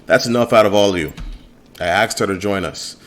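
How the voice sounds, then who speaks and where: Bossy guild leader dude laying down the law, a man reading it out, low voice. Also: fairly quick, natural voice. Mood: stern. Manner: firm, commanding.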